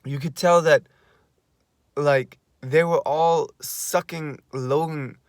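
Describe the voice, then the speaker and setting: A young man in a casual vlog, excitedly recapping an event he attended, gushing, repeating himself and swearing now and then. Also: on the high side, slow pace, no echo, studio quality. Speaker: vlogger.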